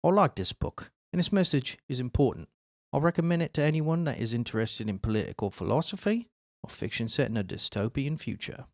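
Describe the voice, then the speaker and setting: A man's voice: mid-range voice, expressive, fairly quick, creaky, no room sound, clean studio sound. A man reading a book review in a put-on, silly Australian accent, hamming it up and swearing as he stretches out words. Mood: mock-serious.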